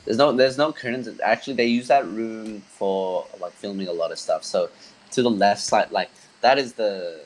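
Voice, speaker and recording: Here's a young Australian band member, accent mild, rambling easily through a casual podcast chat full of fillers. The voice is fairly low and the pace normal, on a rough recording.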